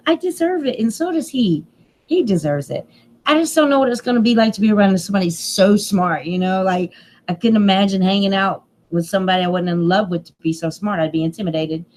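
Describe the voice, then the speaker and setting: A woman's voice: mid-range voice, fairly quick, a little mellow, a little hiss or hum. Emotional, rambling woman streamer. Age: middle-aged. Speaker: channel host. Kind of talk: casual live-stream chat.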